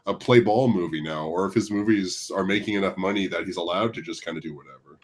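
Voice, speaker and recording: A man's voice: low-pitched, quick pace. A man co-hosting a casual podcast chat, chiming in with dry asides and figures. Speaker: podcast co-host.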